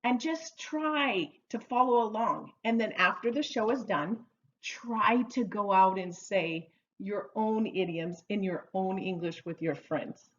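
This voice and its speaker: A woman teaching English idioms in a slow, repetitive lesson, playfully drawing out each phrase for learners to repeat. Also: mid-range voice, highs cut off, a little hiss or hum. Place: Oregon.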